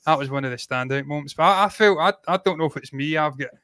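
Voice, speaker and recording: A man co-hosting a casual film review podcast, blunt and animated, swearing freely. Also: on the high side, fast talker, no echo.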